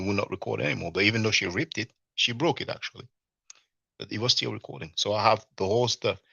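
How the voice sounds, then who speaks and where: Gravelly man telling a rambling story. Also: on the low side, no echo, lo-fi sound. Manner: rambling, animated retelling with many fillers and restarts. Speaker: livestream host. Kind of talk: casual storytelling monologue.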